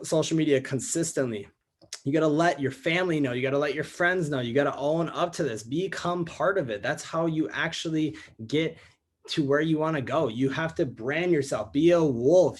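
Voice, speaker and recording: Young male team leader, energetic motivational training-call delivery, keeps repeating points and calling everyone "guys". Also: medium pitch. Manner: energetic, repetitive, addresses listeners as guys. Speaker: network marketing team leader.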